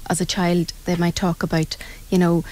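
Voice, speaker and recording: A middle-aged woman with a Northern Irish accent, an angel reader telling a story in a radio interview in an animated, dramatic way. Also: lowish voice, normal speed, rough recording. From Northern Ireland.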